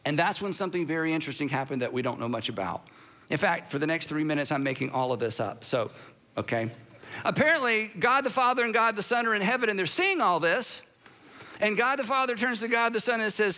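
A pastor preaching a sermon with playful storytelling asides and strong emphasis. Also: male voice, sits high, animated, a little fast, pushed and bright. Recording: long hall reverb.

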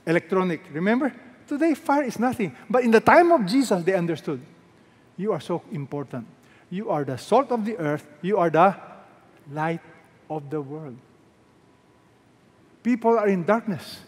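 A man's voice: sits high, expressive, moderate pace, pauses often, breathy edge. A man with a Filipino accent preaching a sermon as pastor, emphatic, repeating phrases and firing rhetorical questions at the congregation. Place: large church hall. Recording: long reverb from a large hall.

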